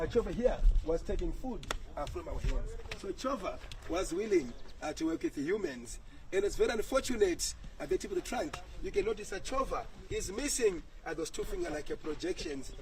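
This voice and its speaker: A man's voice: high-pitched, rough recording. A man working as a guide at an elephant sanctuary, talking cheerfully to visitors outdoors and praising often. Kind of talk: live tour guiding. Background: crowd of visitors.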